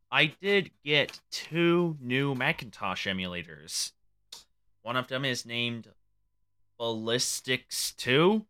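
Bright, clear-voiced man hosting a stream. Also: mid-range voice. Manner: rambling, offhand, stumbles over words. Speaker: host. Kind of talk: casual livestream chat.

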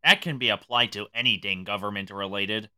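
Male streamer host, very bright and clean voice, rambling offhand chat. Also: on the low side, a little fast. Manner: rambling, offhand, stumbles over words. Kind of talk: casual livestream chat.

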